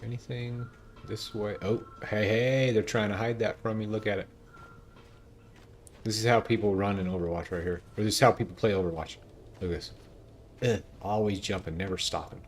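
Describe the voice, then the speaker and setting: A man's voice: lowish voice, fairly even intonation, brisk, a little hiss or hum. A male game streamer giving chatty, playful commentary while he plays. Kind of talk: casual gameplay commentary.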